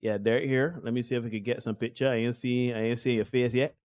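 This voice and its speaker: A man hosting a podcast in casual live-stream chat, energetic and full of repeated greetings and shout-outs. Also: mid-range voice, fast talker, clean tone, no room sound. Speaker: podcast host.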